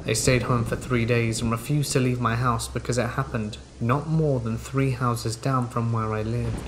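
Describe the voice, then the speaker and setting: A man reading scary stories aloud in a measured, steady scripted narration. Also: mid-range voice, a little hiss or hum, rough recording. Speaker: horror story narrator. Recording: rain sounds under the narration. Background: rain.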